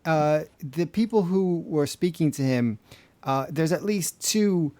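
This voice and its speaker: A man's voice: fairly high pitch, measured pace, dark tone, no room sound. Easygoing man, hesitant fillers, dry sound. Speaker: podcast co-host. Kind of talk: casual chat.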